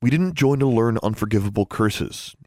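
A man reading an audiobook, voicing a teenage boy who speaks in a furtive hush. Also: fairly low pitch, expressive, normal speed, dry recording, studio quality. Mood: hushed confiding. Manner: hushed, furtive. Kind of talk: audiobook character voice.

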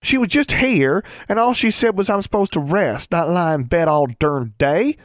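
A man doing a high, excitable young girl. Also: moderate pace, no echo, clean studio sound. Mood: exclaiming.

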